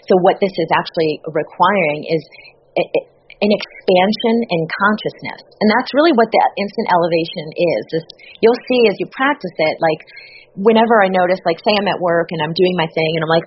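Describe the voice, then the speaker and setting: A woman's voice: mid-range voice, fairly quick, lo-fi sound, slight background noise. A woman guest on a podcast, talking earnestly and acting out her own thoughts as she tells stories. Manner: earnest, animated, acts out her own inner voice. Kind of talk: podcast conversation.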